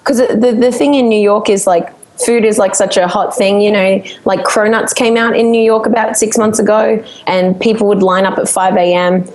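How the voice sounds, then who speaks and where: An Australian woman, a singer and vocal coach, telling stories in a chatty, animated way during a casual interview. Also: medium pitch, moderate pace, hardly any pauses, low-quality recording. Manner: chatty, animated storytelling with frequent laughter.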